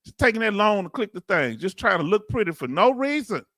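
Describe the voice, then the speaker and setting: Bright-voiced chatty man. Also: high voice, very animated, brisk, no echo, clean studio sound. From United States. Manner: chatty, joking, addresses viewers as family. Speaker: YouTube host reacting to a hearing. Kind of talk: casual live-stream chat reading comments.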